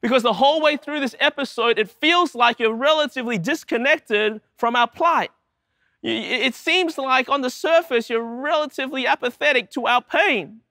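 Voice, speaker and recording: High, bright-voiced male preacher. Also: normal speed, dry recording, studio quality. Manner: emphatic, with repeated rhetorical questions. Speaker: pastor. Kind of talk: sermon.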